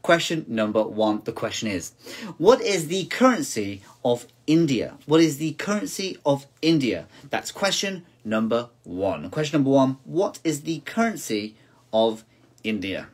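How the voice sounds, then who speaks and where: A man with a somewhat husky, breathy voice hosts a relaxed home quiz stream. He talks in a chatty, easygoing way and reads every question out more than once. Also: medium pitch, measured pace. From United Kingdom. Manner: chatty, repeats each question several times, laughs at himself. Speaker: quiz host. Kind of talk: casual live-stream quiz hosting.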